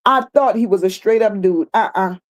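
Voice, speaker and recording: A woman's voice: medium pitch, moderate pace. A woman hosting a livestream, reading viewer comments aloud and answering them bluntly, with sassy repeated phrases. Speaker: livestream host.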